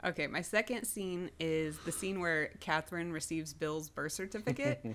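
Woman, podcast panelist, giggly, fairly low voice. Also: moderate pace, fairly bright tone, slight background noise. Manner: giggly, amused. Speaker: podcast co-host contestant. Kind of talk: casual podcast chat.

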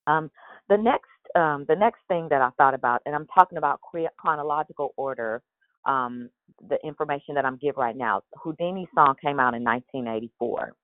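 A woman runs a daily prayer call in a relaxed, rambling style, her morning voice sitting low and moving fairly quickly. The devotional chat is informal and full of fillers and false starts. It sounds like a phone line, with no echo.

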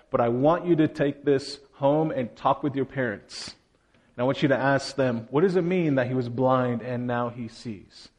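A man's voice: medium pitch, darkish tone, lo-fi sound. A man preaching a sermon, speaking to children and the congregation and acting out the quoted lines of scripture with expression. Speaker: pastor.

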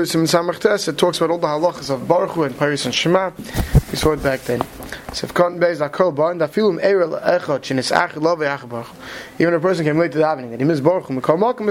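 A man leads a study lecture, speaking quickly and often pausing to check in with his listeners. His voice sits fairly high. A light hiss runs under the recording. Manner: quick, mixes Hebrew terms into English, many "right?" checks. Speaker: Torah teacher.

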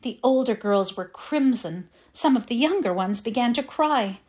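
A woman reading a classic short story aloud with measured, expressive storytelling. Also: fairly high pitch. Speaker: reader.

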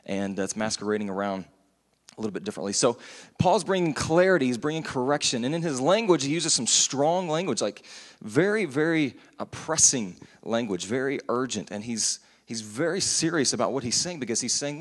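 A man's voice: mid-range voice, animated, brisk. Male pastor, earnest and casual, church hall echo. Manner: earnest, conversational, with many restarts. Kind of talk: sermon. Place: church sanctuary. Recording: long church hall reverb.

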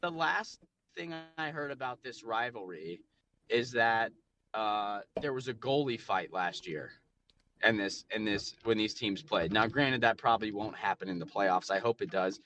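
A low-voiced man with a bright, forceful tone co-hosts a casual sports podcast. He gets excited easily and stumbles over his own words, repeating phrases as he builds up his point. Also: normal speed, a little hiss or hum. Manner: excitable, repeats himself with restarts. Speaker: podcast co-host.

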